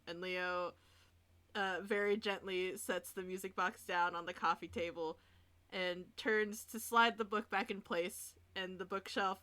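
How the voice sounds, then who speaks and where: A woman narrating her character in a tabletop actual play, chatty and quick to giggle. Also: medium pitch, sharp tone, smooth. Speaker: player in a tabletop game.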